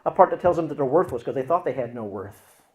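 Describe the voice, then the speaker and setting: A man teaching as a Christian counselor, explaining with acted examples and swinging between loud and hushed delivery. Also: mid-range voice, animated, quick pace, highs cut off.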